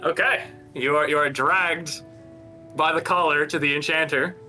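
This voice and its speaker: Male DM, bright tone, narrates and rules calmly. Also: fairly high pitch, normal speed, soft background music. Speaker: dungeon master. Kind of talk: narrating a tabletop game.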